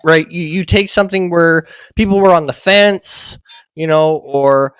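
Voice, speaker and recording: High-voiced man stammering through ideas. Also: measured pace, fairly bright tone, clear, resonant tone, dry recording, low-quality recording. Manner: thinking aloud, stammers and repeats words. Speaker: podcast host. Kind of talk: casual history chat.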